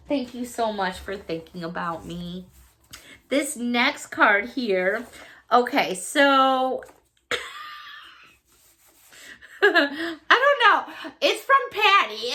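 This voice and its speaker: A woman's voice: high-pitched, sharp tone. A woman from Chicago chatting casually as a vlogger, gushing and laughing often as she goes through her mail. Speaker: vlogger opening fan mail. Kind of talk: casual chat.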